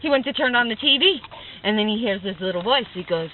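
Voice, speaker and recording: A woman telling crude jokes to friends in a rambling, profane, animated way. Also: mid-range voice, fairly quick, slight background noise. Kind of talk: casual joke telling among friends. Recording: tinny phone-like sound.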